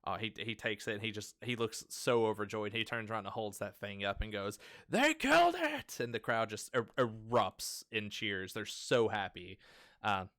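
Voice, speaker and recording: Guy running a tabletop game, bright gravelly voice, dry close sound, keeps restarting. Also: fairly low pitch, flat delivery, dry recording. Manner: halting, many restarts and fillers. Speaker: game master. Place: home stream setup.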